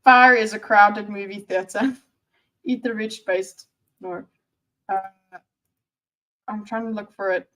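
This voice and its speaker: A woman's voice: medium pitch, steady tone, slow, long pauses, fairly bright tone, low-quality recording. A woman in her thirties, a streamer giving sarcastic, teasing live reaction commentary. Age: 30s.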